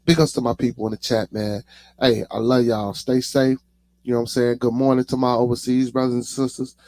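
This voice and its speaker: A man's voice: medium pitch, little pitch movement, brisk, darkish tone, no room sound. A man with a Chicago accent hosting his own podcast, talking casually to his chat and saying "man" after nearly every phrase. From United States. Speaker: podcast host.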